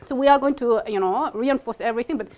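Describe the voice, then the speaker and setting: A woman's voice: a little high, quick pace, darkish tone. A woman teaching a one-on-one piano lesson, encouraging her student and singing phrases aloud to show how they go. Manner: sings phrases to demonstrate, encouraging. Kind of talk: one-on-one music coaching.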